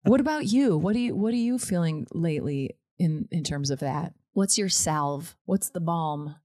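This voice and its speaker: Candid, heartfelt podcast guest, woman, low-pitched, dry recording. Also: animated, moderate pace, dark tone, no room sound. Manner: candid, emotional, laughs easily. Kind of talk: candid conversational chat.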